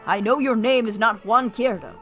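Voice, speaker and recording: A woman's voice: on the high side, lively intonation, normal speed, music in the background, natural voice. A woman voicing a stern male falcon defense attorney in a visual novel, formal and blunt. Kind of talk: reading a visual novel aloud.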